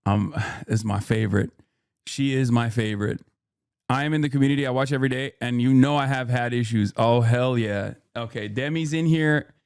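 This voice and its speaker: A man's voice: mid-range voice, moderate pace, a little mellow, clear, resonant tone, no echo. Man streaming casually to chat, dry sound. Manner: talks back to chat, swings between joking and earnest explaining; frequent restarts and filler while thinking aloud. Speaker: livestream host. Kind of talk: casual live-stream commentary.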